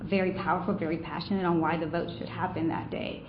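A woman's voice: fairly low pitch, little pitch movement, quick pace, slight background noise. A woman telling a campaign story during a conference presentation, chatty and full of fillers. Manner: conversational storytelling, many fillers. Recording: roomy, dull room recording.

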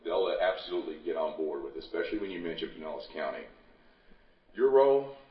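A man's voice: rumbling low, racing. A man in his sixties giving a folksy, urgent conference talk, rallying the audience to act. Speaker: conference speaker. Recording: echoey, distant, muffled hall recording.

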